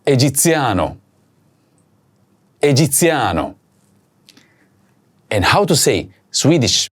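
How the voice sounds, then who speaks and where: A man teaching a recorded language lesson, saying each word slowly and repeating it for learners to practise. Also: mid-range voice, very animated, noisy background.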